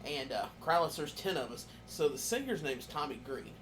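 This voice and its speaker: A man on a podcast who gets loud and excited telling concert stories. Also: a little high, normal speed, faint music behind. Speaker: podcast host. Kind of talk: casual podcast chat.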